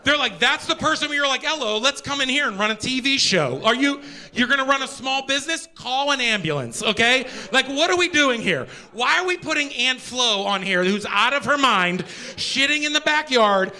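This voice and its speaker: High, bright, energetic stand-up comic man. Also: normal speed. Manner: energetic, profane, swings from loud to muttered asides. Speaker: stand-up comedian. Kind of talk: stand-up comedy set. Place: theater stage before a live audience.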